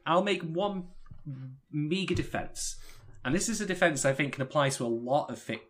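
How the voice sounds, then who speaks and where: A man in casual podcast chat, picking apart an anime episode. He talks with opinionated emphasis, his voice jumping up on key words. His pitch sits in a middle range. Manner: opinionated, animated, emphatic rises. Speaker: podcast co-host.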